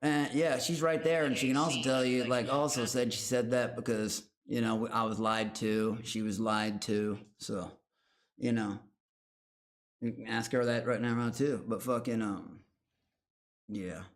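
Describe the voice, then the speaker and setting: A man's voice: medium pitch, fairly even intonation, measured pace. A man streaming live and reacting to a show. He rambles, swears heavily and taunts his chat. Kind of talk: casual livestream commentary.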